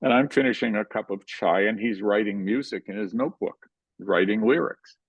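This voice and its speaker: An older man, a filmmaker, telling animated stories in an interview and acting out the quotes. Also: fairly low pitch, normal speed, slightly rough, dry recording, muffled recording. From Canada. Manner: animated anecdotal storytelling, acts out quotes. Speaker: guest filmmaker. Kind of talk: storytelling in a conversational interview.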